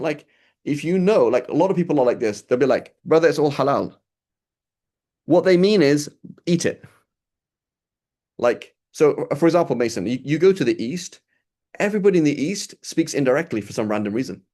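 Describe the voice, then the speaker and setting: A man teaching a small group in a loose, conversational way. His pitch sits in the middle for a man. He often checks in with his listeners with quick questions. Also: a little mellow. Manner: casual, conversational, asks listeners rhetorical questions. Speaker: religious teacher. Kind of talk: informal lesson.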